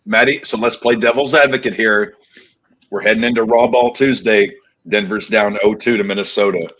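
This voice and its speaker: A man with a husky, slightly rough voice co-hosting a sports podcast. He keeps a relaxed tone, slipping quick play-by-play calls between casual banter. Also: lowish voice, poor audio. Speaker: podcast co-host.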